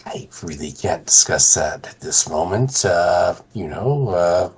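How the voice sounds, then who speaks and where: A man speaks slowly and unhurriedly as his character in a tabletop game. He stumbles over his words and stays courteous, filling pauses with "uh". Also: low-pitched, lively intonation, darkish tone, breathy edge. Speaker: player. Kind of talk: in-character tabletop role-play.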